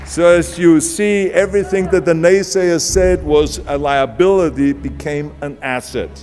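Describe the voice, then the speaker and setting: A man's voice: fairly high pitch, measured pace, a little mellow. A man with an Austrian accent giving an emphatic, punchy motivational speech, with long hall reverb and music behind. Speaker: motivational speaker.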